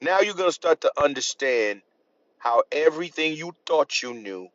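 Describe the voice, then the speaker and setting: A man's voice: a little high, expressive, normal speed, fairly bright tone, no echo. A man lecturing on history, emphatic and repetitive, asking the listener rhetorical questions. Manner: emphatic, repeats points, asks rhetorical questions. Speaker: history channel host. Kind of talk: lecturing to camera. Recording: dull lo-fi sound.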